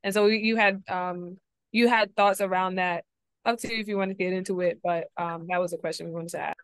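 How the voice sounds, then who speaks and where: A woman's voice: fairly low pitch, fairly even intonation, a little fast, clean tone, dry recording. A woman host asking interview questions casually, hesitant with many fillers.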